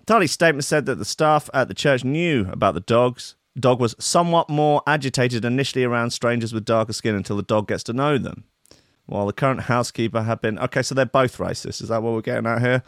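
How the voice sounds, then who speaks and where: A man's voice: fairly low pitch, no room sound, clean studio sound. A man hosting a stream, reading a news story aloud and breaking in with sarcastic, incredulous asides. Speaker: stream host.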